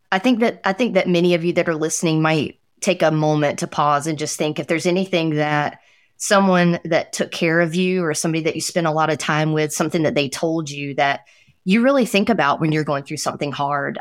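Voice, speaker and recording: A woman co-hosting a podcast, speaking in a heartfelt, reflective way. Her voice is low for a woman, and she is recorded close and dry. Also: dry recording. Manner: heartfelt, reflective, with affirming interjections. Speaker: podcast co-host. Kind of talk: casual chat on hope and mental health.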